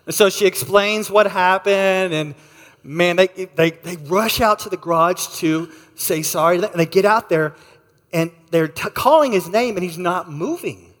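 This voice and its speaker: A man gives a sermon in a hall with a long echo, his voice a little higher than most men's. He tells stories with energy, jumping into lively acted-out voices. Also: measured pace. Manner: animated storyteller, acts out voices. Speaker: pastor. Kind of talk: sermon with storytelling.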